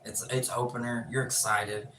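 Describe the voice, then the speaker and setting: A man's voice: mid-range voice, level tone, moderate pace. A man hosting a casual live stream, chatting with viewers in a joking, laid-back way and swearing freely. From Pennsylvania. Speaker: livestream host. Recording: roomy echo, distant mic, ambient noise.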